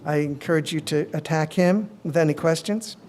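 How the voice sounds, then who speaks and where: A middle-aged male physician giving a conference presentation, measured, with frequent ums and uhs. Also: a little high, darkish tone, a little hiss or hum.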